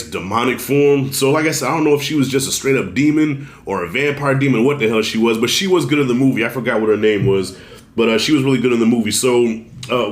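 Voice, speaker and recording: In an echoey room, a man records a casual spoken film review, his voice at medium pitch. Loose and conversational, he swears and calls his audience y'all, while battling a cold that has him clearing his throat.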